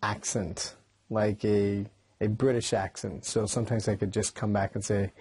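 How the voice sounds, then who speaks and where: Casual low-voiced man hosting a drawing tutorial. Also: warm tone, slightly rough, no room sound. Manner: casual and chatty, with frequent "uh" fillers. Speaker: drawing channel host. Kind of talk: tutorial talk while sketching.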